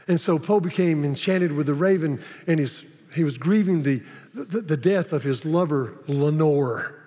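A man preaching a sermon, often repeating words and slowing down dramatically on key phrases. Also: on the high side, mellow. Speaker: pastor. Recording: long reverb of a large hall.

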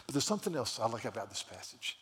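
A man's voice: mid-range voice, big pitch swings, fast, fairly bright tone. A man preaching a sermon, retelling scripture stories with many stammered restarts and quoted voices. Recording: long hall reverb.

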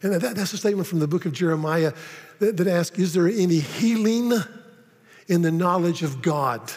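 A man preaching a sermon, often repeating words and slowing down dramatically on key phrases. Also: fairly high pitch, darkish tone. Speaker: pastor. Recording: long reverb of a large hall.

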